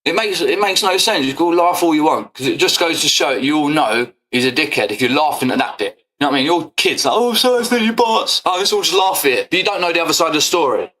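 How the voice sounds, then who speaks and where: A man's voice: fairly high pitch, fast talker, few pauses, a bit bright. A man ranting to camera on his football fan channel, confrontational and full of swearing. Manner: confrontational, swearing, repetitive "yeah?". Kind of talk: angry rant to camera.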